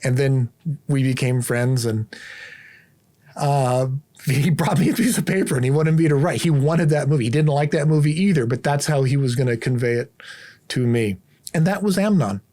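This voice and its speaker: A man hosting his own show, telling an anecdote in a casual, animated way. His voice sits at an ordinary middle pitch, and he plays out his own startled reactions as he goes. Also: moderate pace. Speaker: host. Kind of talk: casual storytelling to camera.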